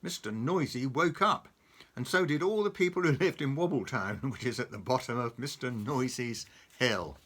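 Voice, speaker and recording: Man reading a kids book aloud, voice swoops all over, bright tone. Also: medium pitch, normal speed. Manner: animated, chuckling, pointing at pictures. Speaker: storyteller reading to a child.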